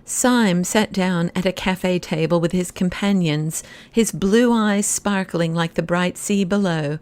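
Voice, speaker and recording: A woman narrating a classic novel as an audiobook reader, in a measured, even storytelling manner on a close mic. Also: fairly low pitch.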